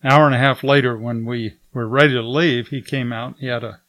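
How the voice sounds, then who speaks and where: A man's voice: mid-range voice, brisk, dry recording. A man telling a personal faith testimony as a guest, chuckling often and lifting his voice when he quotes other people. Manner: relaxed storyteller who chuckles often and raises his voice when quoting others. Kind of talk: storytelling testimony.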